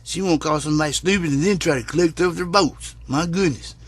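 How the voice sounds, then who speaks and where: Husky man ranting. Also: fairly high pitch, fairly quick, dry recording. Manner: rambling, profane, drawling storyteller. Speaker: comic vlogger. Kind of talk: crude folksy rant.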